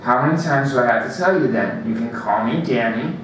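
A man's voice: medium pitch, a little fast, fairly bright tone, slight background noise, close to an everyday voice. A man reading aloud and voicing a cheerful, fatherly cafe owner with a friendly, joking way of talking. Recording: very echoey room, distant mic.

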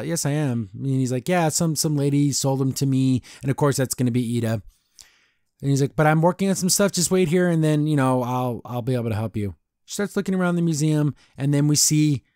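A young man hosting a podcast, casually recapping a cartoon episode and voicing the characters in quick impressions, with frequent restarts. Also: medium pitch, darkish tone, no echo, clean studio sound. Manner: retells scenes with quick voiced impressions, restarts and stammers. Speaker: podcast host.

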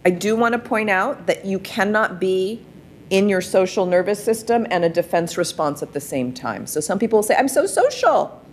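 A woman's voice: mid-range voice, normal speed, slight background noise. A woman presenting a wellness workshop, coaching listeners through practices with frequent rhetorical questions. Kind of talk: guided practice talk.

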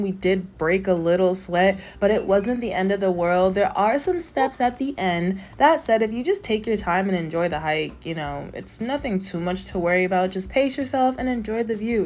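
A woman's voice: mid-range voice, slight background noise. A woman vlogging on a hiking trail, chatty and enthusiastic, with slangy asides and at times out of breath. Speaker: travel vlogger. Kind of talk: casual vlog narration and on-the-go talk.

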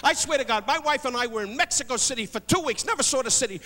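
An older man doing live insult stand-up on a theater stage, loud and brash as he barks jabs at the audience. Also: extremely high pitch, quick pace, long reverb tail. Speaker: insult comedian. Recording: live theater show, loud crowd and noise. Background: loud audience laughter.

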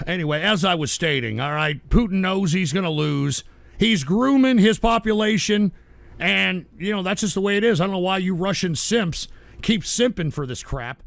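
A man hosting a live radio show, exasperated and shouting at trolls in the chat. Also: high voice, animated, moderate pace, vocal fry. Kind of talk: ranting livestream talk.

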